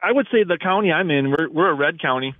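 A man's voice: a little high, lively intonation, fast, no echo. A man from Michigan calling in to a radio talk show, talking in an indignant, rambling way with restarts. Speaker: caller. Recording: phone-line call.

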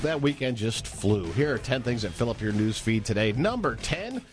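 A man's voice: mid-range voice, very animated, moderate pace, soft background music. A man hosting a radio morning show, wisecracking playfully while running through the day's items. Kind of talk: casual chat and news rundown. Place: radio studio.

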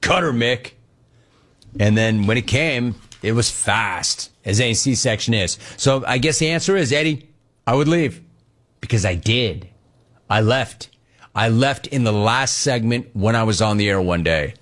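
A man hosting a sports radio show, reading listener questions and answering them with casual anecdotes and quick impressions of people he talks about. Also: on the low side, lively intonation, fairly bright tone. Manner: storytelling, mimics people in anecdotes.

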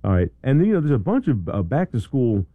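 A man's voice: mid-range voice, fairly quick, no room sound, narrow, tinny audio. A man hosting a talk radio show, chatting loosely and reading event announcements with lots of "you know". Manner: rambling, chatty, lots of "you know" and restarts, bursts of excited shouting. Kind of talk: casual radio chat and announcements. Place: radio studio.

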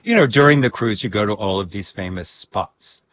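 Husky low-voiced man telling a story. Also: expressive, moderate pace, dry recording, muffled recording. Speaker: guest. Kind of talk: reflective storytelling.

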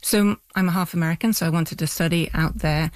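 A middle-aged woman from Wales, an AI researcher answering interview questions in a measured, explanatory way. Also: fairly low pitch, steady tone, no echo. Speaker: guest, AI researcher.

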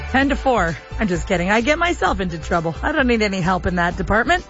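A woman's voice: mid-range voice, very animated, fast, a bit bright, faint music behind. A woman hosting a radio show, joking and teasing in casual chat. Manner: playful, joking, self-teasing. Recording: dull, dry studio radio sound.

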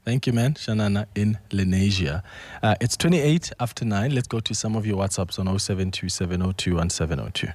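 A man hosting a talk radio show, measured and conversational. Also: lowish voice, darkish tone, dry recording. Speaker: radio host. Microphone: studio mic.

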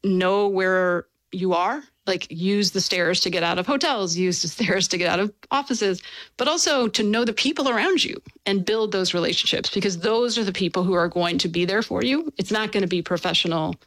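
A woman being interviewed as an author, explaining and telling stories in a lively, casual way with fillers. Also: mid-range voice, normal speed, dry recording. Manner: animated, storytelling with fillers and laughs.

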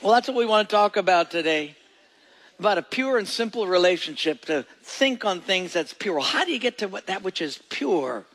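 Gravelly-voiced male pastor preaching. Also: high-pitched, expressive, brisk, fairly bright tone. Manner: folksy, joking storyteller, emphatic. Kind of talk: sermon.

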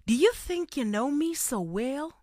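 A woman putting on a South American accent to recite a short stanza slowly and dramatically over the radio. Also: sits high, big pitch swings, darkish tone, a little hiss or hum. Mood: dramatic. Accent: put-on South American.

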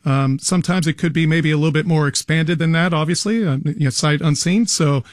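A man's voice: on the high side, fairly quick, dry recording, studio quality. A man appearing as an expert guest on a radio show, explaining earnestly with frequent restarts. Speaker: garage door company guest expert. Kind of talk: radio interview answers.

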